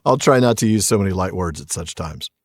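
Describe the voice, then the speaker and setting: A man's voice: deep voice, expressive, a little fast, no echo. A man co-hosting a podcast, chatting casually and enthusiastically about a book and laughing often. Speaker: podcast co-host.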